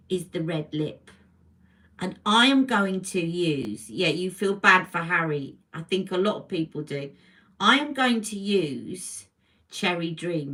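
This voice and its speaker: British woman, beauty livestream host, casual rambling chat, slow talker, bright voice. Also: lowish voice, poor audio. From Britain. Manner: chatty and rambling, greets viewers while doing her makeup. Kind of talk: casual live makeup chat. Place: home room. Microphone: livestream camera mic.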